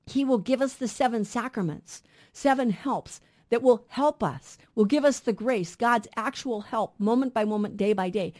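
Woman radio host, higher voice, earnest Bible teaching. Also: darkish tone. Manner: earnest, asks questions and answers them.

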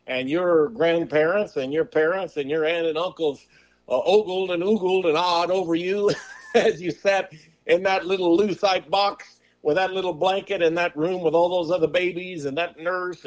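A preacher with a fairly high male voice delivers a sermon, pressing his listeners with rhetorical questions. He talks in a folksy manner and drags out the words when he quotes scripture. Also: fairly even intonation. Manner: slows and drawls on scripture quotes; folksy turns of phrase.

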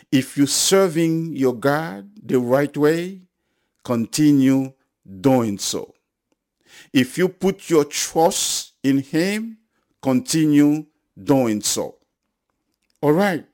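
A man preaching a sermon, repeating his phrases and building to loud, emphatic appeals to the congregation. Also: mid-range voice.

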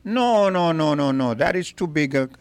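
Radiomoderator mit trockenem Studioklang. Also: male voice, fairly high pitch, lively intonation, a little mellow, clear, resonant tone, no echo. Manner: measured, questioning, hesitant starts. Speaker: radio talk show host. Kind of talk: radio talk show.

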